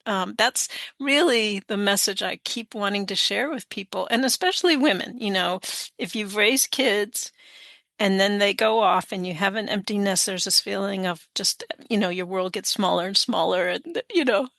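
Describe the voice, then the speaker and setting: Bright-voiced woman in her sixties. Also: mid-range voice, moderate pace, vocal fry, no echo, studio quality. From United States. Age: 60s. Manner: chatty, laughs often, many fillers. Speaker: guest author. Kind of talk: conversational interview.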